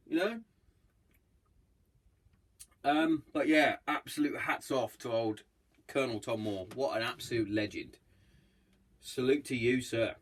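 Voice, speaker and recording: A man hosting his own podcast, chatting casually in a blunt, heavily sweary way and acting out bits of what others said. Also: mid-range voice. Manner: acts out others' lines in quick voices. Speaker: podcast host. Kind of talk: casual solo podcast chat.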